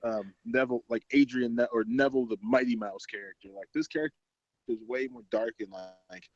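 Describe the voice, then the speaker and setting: A man's voice: mid-range voice, brisk, muffled recording. A man co-hosting a casual wrestling podcast, rambling through a match recap with lots of fillers and laughs. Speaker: podcast co-host. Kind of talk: casual chat.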